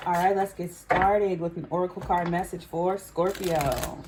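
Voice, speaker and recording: A woman talks her viewers through a tarot spread in a relaxed, musing way, often thinking aloud with "I feel like". Her voice sits somewhat low for a woman. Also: measured pace, few pauses, heavy background noise. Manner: chatty, musing, frequent "I feel like". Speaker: tarot reader. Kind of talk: casual psychic reading to camera.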